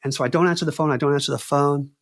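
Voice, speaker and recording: A man's voice: on the high side, very fast. A man telling a story as a podcast guest, acting out the people he quotes and talking casually with lots of "dude" and "man.". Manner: animated, acts out quoted dialogue; says "dude" and "man" often.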